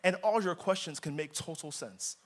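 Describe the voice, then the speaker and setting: High-voiced man preaching a sermon. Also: moderate pace. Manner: dramatic, swings from loud emphasis to quiet asides. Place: church.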